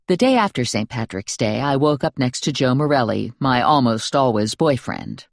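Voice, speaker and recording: Low, lively woman reading first-person fiction, wry and playful, dry close studio sound. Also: moderate pace, vocal fry, hardly any pauses, no echo. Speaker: audiobook narrator. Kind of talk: first-person audiobook narration.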